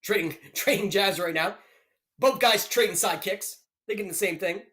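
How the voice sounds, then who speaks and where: Young guy streaming fight play-by-play, bright sharp voice, jokey and hyped, blurts out loud calls. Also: sits high, normal speed. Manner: excitable, jokey, swings to loud outbursts. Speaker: live stream commentator. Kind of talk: joking play-by-play commentary.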